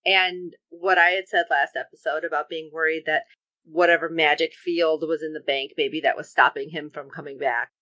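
A woman's voice: low voice, normal speed, no echo. A woman co-hosting a podcast, chatting casually about a TV episode and acting out characters' lines. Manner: animated, acts out characters' lines. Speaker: podcast co-host. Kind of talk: casual TV recap chat. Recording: dull lo-fi recording.

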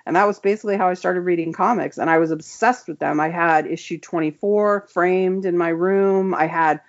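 A woman's voice: fairly low pitch, moderate pace, dull audio. A woman guest on an interview show, chatting casually and enthusiastically with lots of filler words. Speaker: comic book writer, guest.

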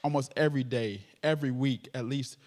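A man's voice: medium pitch, fairly even intonation, brisk, a little mellow. A man preaching a sermon with a stutter, joking playfully with the congregation. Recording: long hall reverb.

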